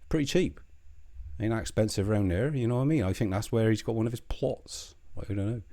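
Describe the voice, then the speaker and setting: Low, dark-voiced man ranting sardonically. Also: quick pace. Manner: profane, rambling, sardonic; puts on a mock accent. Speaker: online commentator. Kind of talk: ranting video commentary.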